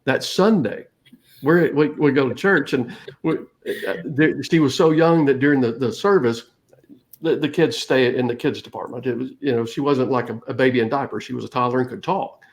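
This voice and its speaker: A man's voice: medium pitch, moderate pace. A middle-aged man co-hosting a casual talk show, telling a family story and laughing often. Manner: tells stories with laughs. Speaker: co-host.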